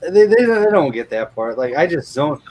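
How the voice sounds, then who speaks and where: A man's voice: fairly high pitch, sing-song, moderate pace, darkish tone, breathy edge. A man hosting a live show, telling rambling everyday stories and swearing freely in casual chat.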